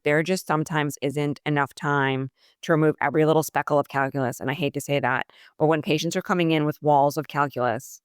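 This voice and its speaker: A woman's voice: deep voice, smooth, no echo, studio quality. A woman who works as a dental hygienist, a podcast guest chatting loosely and leaning on filler words. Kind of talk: casual podcast chat.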